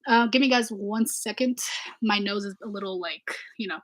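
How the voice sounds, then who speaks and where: A young adult woman chatting casually as she answers fan questions in a vlog, animated and full of fillers. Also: medium pitch, moderate pace. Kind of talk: casual Q&A chat.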